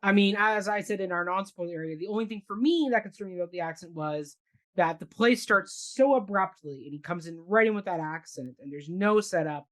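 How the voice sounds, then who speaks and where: A woman's voice: mid-range voice, brisk. A woman co-hosting a casual theatre review chat, rambling with many fillers and restarts. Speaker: podcast co-host.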